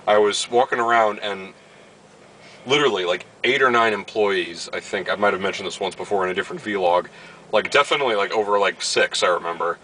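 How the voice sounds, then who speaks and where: A man's voice: lowish voice, fairly quick, bright, forceful tone, a little hiss or hum, low-quality recording. A man from Baltimore vlogging casually, telling a story and acting out what others said. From Baltimore, USA. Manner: storytelling, acts out quoted dialogue. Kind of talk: casual chat.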